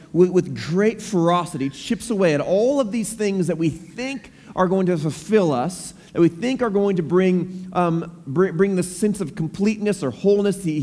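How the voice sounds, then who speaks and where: A man's voice: sits high, warm tone. A man in his thirties preaching a sermon to his congregation, conversational with many fillers and repeated words, then reading scripture aloud. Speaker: pastor. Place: church sanctuary. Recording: long reverb of a large hall.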